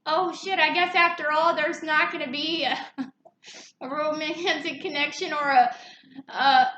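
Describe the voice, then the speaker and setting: Woman playing a bumbling little card page: squeaky, high, goofy; roomy echo, faint hiss. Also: fairly even intonation, a little slow, sharp tone, muffled recording. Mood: sheepish. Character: clumsy young tarot page, panicky and goofy. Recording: echoey room, faint noise.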